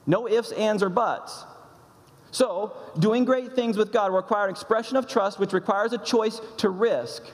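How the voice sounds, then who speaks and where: A man preaching a sermon, emphatic and measured, repeating his key phrases for weight. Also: high voice, long reverb tail. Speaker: pastor.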